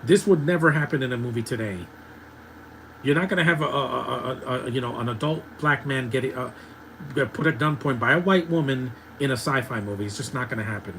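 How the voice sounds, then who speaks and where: Male, 30s, mid-range voice, opinionated movie commentary host, loose and ranty, quiet hum in the background. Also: medium pitch, brisk, rough recording. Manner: ranting, opinionated, laughs often. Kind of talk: live movie watch-along commentary.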